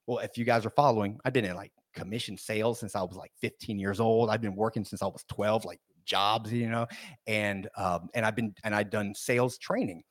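Animated man telling a rambling story. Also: fairly low pitch, no room sound, clean studio sound. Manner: animated, rambling with restarts and acted-out quotes. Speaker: podcast guest. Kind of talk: casual storytelling.

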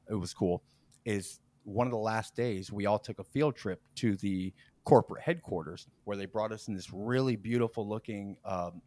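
Speaking in a fairly low voice with no echo, a man hosting a podcast tells a story in relaxed conversation. He is animated, laughs frequently, and impersonates the people in it.

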